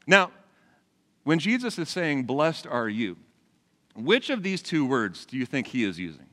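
Preacher guy, 40s, chatty sermon, asks the crowd stuff, lively up-and-down voice. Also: mid-range voice, unhurried. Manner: conversational, asks the congregation questions. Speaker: pastor. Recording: long hall reverb.

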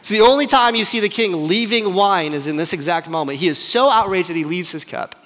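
A man preaching a sermon and retelling a story in an animated, dramatic, conversational way. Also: sits high, fairly quick, big-room sound.

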